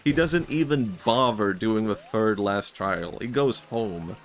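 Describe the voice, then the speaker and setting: A man's voice: lowish voice, a little slow. A young man streaming, talking in a rambling, reflective way with many fillers and frequent laughs. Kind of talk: casual stream chat.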